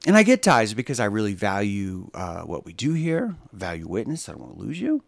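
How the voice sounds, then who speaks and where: A man hosting a live stream, talking in a rambling, sarcastic monologue that swings from low mutters to loud exclamations. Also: wildly swooping pitch, brisk, gravelly, no echo.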